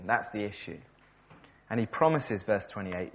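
A man's voice: medium pitch, animated, normal speed, a bit bright. A man preaching a sermon in a conversational way, often repeating words and correcting himself, enthusiastic about the passage.

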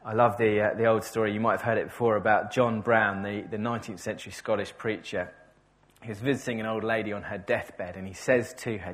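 A man's voice: lowish voice, fairly even intonation, fast. A man preaching a sermon in a conversational way, often repeating words and correcting himself, enthusiastic about the passage.

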